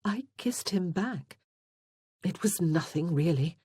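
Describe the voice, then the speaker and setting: A man voicing a warm, candid young widow in an audiobook, talking earnestly and a little breathlessly. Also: sits high, big pitch swings, normal speed, husky, dry recording, studio quality, pitched above the performer's own voice, full character voice. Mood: shaken. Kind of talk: audiobook character voice.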